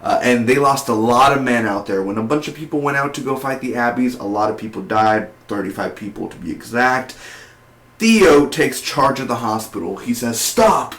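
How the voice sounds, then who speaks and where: A man recapping a TV episode in a loose, excitable ramble, full of "uh" and "you know" and quick restarts. His voice sits at an ordinary middle pitch. The room around him rings with a noticeable echo. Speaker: TV episode reviewer. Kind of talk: casual spoiler review recap. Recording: echoey room.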